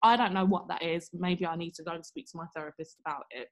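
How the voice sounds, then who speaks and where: Talking fast in a lowish voice, a young podcast co-host tells a story during laid-back chat. She's animated and mimics the people she quotes with over-the-top voices.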